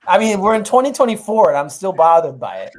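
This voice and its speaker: A man hosting a fantasy football watch party, talking casually, profanely and jokingly with a friend. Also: high voice.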